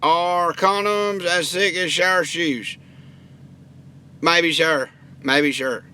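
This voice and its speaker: A man voicing a folksy, gruff and prudish redneck truck-shop owner, who gives blunt deadpan answers with lots of country slang in a lowered, drawling voice. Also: slow, a little hiss or hum. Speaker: online video creator answering viewer questions. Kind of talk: comedy character bit.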